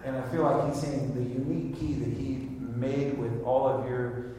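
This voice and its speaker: Male guest minister, animated storytelling, very echoey hall with a long reverb. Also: medium pitch, moderate pace, a little hiss or hum. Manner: animated storyteller, laughing often. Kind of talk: storytelling and prophecy. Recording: very echoey hall, far from the mic.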